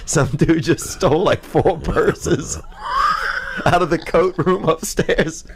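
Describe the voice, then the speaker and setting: A man's voice: a little high, measured pace, creaky, breathy edge. A man in his thirties hosting a podcast, telling long rambling stories in slangy casual chat full of "bro" and "dude". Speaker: podcast host. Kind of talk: casual storytelling.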